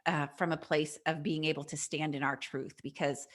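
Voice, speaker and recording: A woman's voice: sits low, steady tone, moderate pace. A woman hosting a podcast interview, effusive and enthusiastic, speaking to her guest and listeners. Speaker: podcast host.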